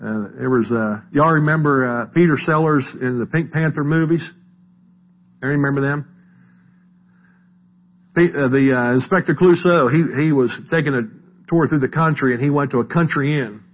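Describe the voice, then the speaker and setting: A middle-aged man, giving an informal church sermon in a folksy, halting way with many restarts and asides. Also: medium pitch. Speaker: lay preacher. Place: church sanctuary. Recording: muffled, lo-fi church recording.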